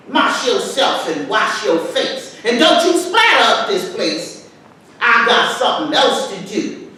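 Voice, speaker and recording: A woman reciting a dialect poem, playing a stern older woman scolding a sleepy boy awake in a loud, sing-song voice. She is recorded from far off in an echoey hall at a live event, with faint noise behind. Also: sits high, pitched above the performer's own voice, full character voice. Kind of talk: dramatic poetry recitation. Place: arts venue, live discussion.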